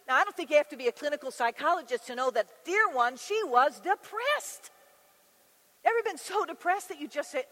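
A woman teaches a women's Bible study in an animated, chatty way, slipping into the voices of scripture figures. Her voice is high, and the long reverb of a large hall follows every phrase. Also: moderate pace. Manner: animated, conversational, acts out scripture scenes.

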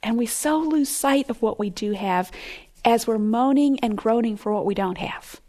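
A middle-aged woman giving earnest, expressive Bible teaching, sometimes dropping to a hush. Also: a little high, normal speed.

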